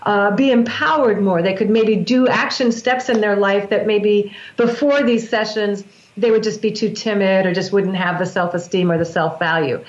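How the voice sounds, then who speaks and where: A woman's voice: mid-range voice, steady tone, normal speed. A woman guest explaining breath work in an earnest, flowing way, often restarting her sentences. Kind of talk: explanatory interview talk. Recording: roomy, dull lo-fi sound.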